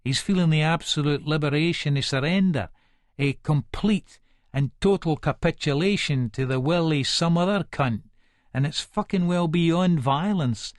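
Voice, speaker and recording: Guy playing a scary scottish hard man, swears nonstop, kinda high voice, dry close sound. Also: moderate pace, no echo, close to an everyday voice. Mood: brooding. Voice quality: coarse, swearing, menacing. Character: violent, menacing male Edinburgh hard man. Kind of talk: first-person audiobook narration.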